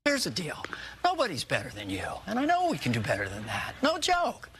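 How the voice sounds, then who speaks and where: A man's voice: high voice, huge pitch swings, a little fast, a bit bright, a little hiss or hum, exaggerated voice. A man playing a rambling, bumbling elderly male president in a late-night comedy sketch, stumbling over names as he talks. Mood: jokey rambling.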